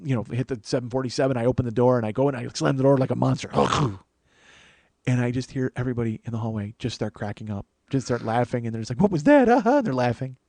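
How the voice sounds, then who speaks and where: A man in his forties hosting his own show, telling a profane, animated story that swings from low mutters to loud mock pride. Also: fast, vocal fry, no echo. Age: 40s. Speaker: comedian podcast host. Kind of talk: storytelling monologue.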